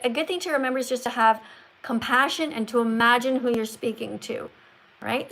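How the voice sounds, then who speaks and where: A woman hosting a livestream, coaching a caller in a teacherly way and slowing down to stress words. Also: a little high, sharp tone, rough recording. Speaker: livestream host.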